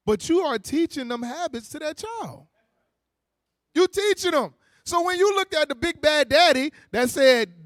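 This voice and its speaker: High-voiced preacher man, lively and conversational. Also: moderate pace, no echo, clean studio sound. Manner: lively, conversational preaching with slang, frequent restarts and mock-voiced asides. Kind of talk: sermon. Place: church meeting hall.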